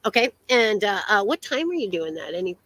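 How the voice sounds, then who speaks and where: A woman's voice: mid-range voice, big pitch swings, a little fast, fairly bright tone, no room sound, poor audio. An American woman co-hosting a casual podcast chat, rambling with many fillers and restarts. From United States. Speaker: podcast co-host.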